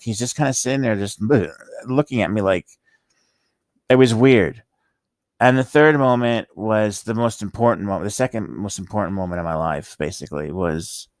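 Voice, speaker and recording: A man with slurred speech from medication tells an emotional personal story in a halting, rambling way, full of restarts and pauses. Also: sits low, no room sound, clean studio sound. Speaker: vlogger telling his life story.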